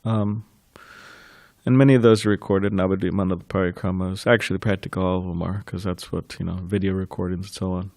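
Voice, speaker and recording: A man giving a temple scripture class, telling stories in an informal way and laughing softly between thoughts. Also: low voice, steady tone, fast, vocal fry, no room sound, clean studio sound. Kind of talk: reminiscing temple class talk.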